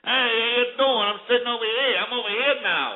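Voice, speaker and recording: A man's voice: extremely high pitch, brisk, voice pushed up. A man mimicking a brash reality-show show-off. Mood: boastful. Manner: loud, boastful, attention-seeking. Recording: lo-fi phone-like radio archive.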